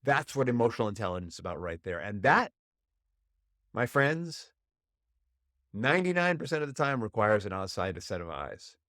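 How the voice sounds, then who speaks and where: A man hosting a solo podcast as a relationship coach, telling a story and jumping high in pitch to act out inner voices. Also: very animated, moderate pace, pauses often, fairly bright tone, dry recording, studio quality.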